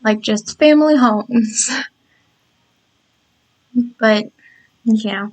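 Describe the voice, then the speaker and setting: A tired woman with a slightly croaky, scratchy voice, chatting casually over a video of her game build and rambling with lots of restarts. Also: a little high, drawn-out words. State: tired and yawning.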